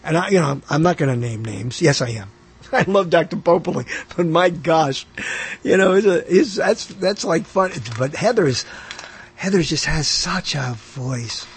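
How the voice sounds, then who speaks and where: A man's voice: fairly high pitch, lively intonation, normal speed, breathy edge. A man hosting a radio show, rambling casually about movies, often trailing off with uh and short laughs. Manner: rambling, self-interrupting, lots of uh and laughs.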